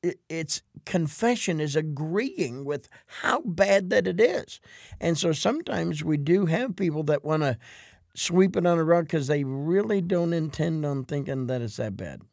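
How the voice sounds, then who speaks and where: A man co-hosting a religious talk show, speaking thoughtfully and haltingly, with many restarts and "you know"s. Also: a little high, expressive, vocal fry, a little mellow, dry recording, studio quality. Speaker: co-host. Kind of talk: casual religious discussion.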